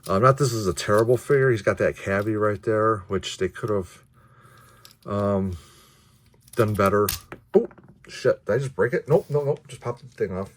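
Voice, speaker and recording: A man's voice: fairly low pitch, moderate pace, a little hiss or hum. A man casually reviewing action figures, rambling with many restarts and the odd curse. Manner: offhand, mildly profane. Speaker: toy reviewer.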